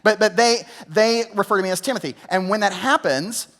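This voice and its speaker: A man's voice: high voice, a little fast, a bit bright. A young adult male pastor preaching a conversational sermon, with rhetorical questions and frequent restarts. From Georgia, US.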